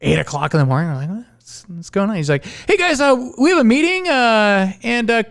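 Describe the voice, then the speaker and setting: A man hosting a podcast, chatting casually and telling lively work stories, acting out what coworkers said. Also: very high voice, fairly quick, creaky. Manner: animated storyteller, acts out quotes of coworkers. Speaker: podcast host. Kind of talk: casual chat.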